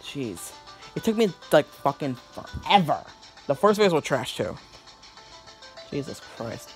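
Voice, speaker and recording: A man's voice: mid-range voice, expressive, moderate pace, soft background music. A man hosting a let's play video, rambling casually as he wraps up, swearing and laughing often. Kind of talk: casual gameplay commentary.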